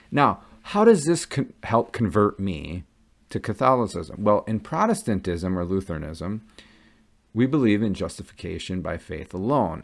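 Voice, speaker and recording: A man's voice: low voice, vocal fry. A man giving an earnest, casual explanation to viewers, often checking in with "okay?" and "right?" as he goes. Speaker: Catholic convert vlogger.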